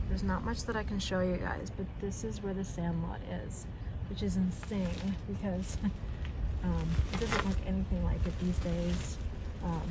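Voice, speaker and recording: A woman records a casual vlog outdoors, chatty and excited, with plenty of fillers along the way. Her pitch sits in a middle range. Clear outdoor ambience and passing cars run under her voice. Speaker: vlogger touring filming locations. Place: outdoors and in a car. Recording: outdoor recording with traffic noise.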